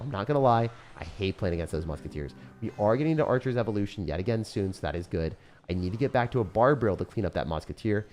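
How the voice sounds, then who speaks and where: Fast-talking deep-voiced man commentating gameplay. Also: darkish tone, slight background noise. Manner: fast strategic play-by-play, addressing viewers as guys. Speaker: gaming YouTuber.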